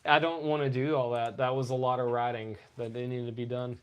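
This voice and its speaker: A man co-hosting a loose podcast, riffing and cracking crude jokes. His voice sits at an ordinary pitch, and he curses freely as he rambles. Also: level tone, fairly quick, clear, resonant tone, dull audio. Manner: crude, joking, loud bursts, profanity. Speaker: podcast co-host. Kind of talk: casual podcast banter.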